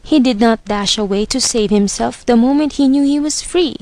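A woman narrating a storybook with a measured, expressive reading. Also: fairly high pitch, no room sound. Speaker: reader.

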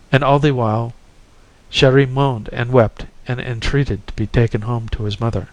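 A man narrating a classic short story in a measured, expressive reading. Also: medium pitch, no room sound, rough recording.

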